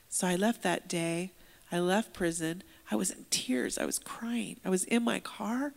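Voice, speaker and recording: A woman interpreting a deaf pastor's sermon aloud, telling a story with lively voiced quotes. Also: medium pitch, normal speed, vocal fry, big-room sound. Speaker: sign language interpreter voicing a deaf pastor. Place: church sanctuary.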